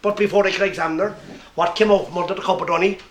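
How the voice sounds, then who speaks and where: A man with an Irish accent telling a comic story live to an audience, lively and playful. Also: high-pitched, rapid-fire. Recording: echoey room with faint noise.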